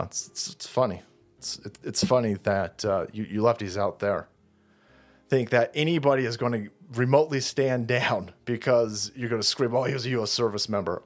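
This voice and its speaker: A man hosting a commentary channel, delivering a profane, mocking political rant with loud outbursts. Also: mid-range voice. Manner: foul-mouthed, mocking, loud outbursts with laughs.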